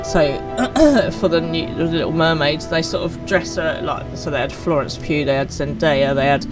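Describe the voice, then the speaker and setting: A woman's voice: deep voice, moderate pace, music in the background, poor audio. A woman streaming a game, chatting casually and teasing herself. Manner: chatty, self-mocking. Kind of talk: casual gameplay commentary.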